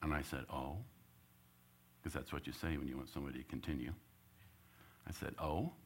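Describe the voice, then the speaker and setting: A man giving a church talk, telling a personal story and loudly acting out what he said as a coach. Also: very deep voice, a little fast, slightly rough. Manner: animated storyteller, gets loud acting out his own coaching. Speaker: church speaker.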